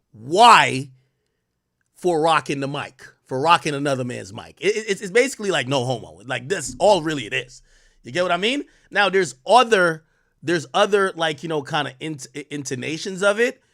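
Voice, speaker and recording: A man's voice: on the high side, a bit bright. A young man from Jamaica hosting a casual commentary stream, explaining with lots of restarts and laughing often. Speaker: host.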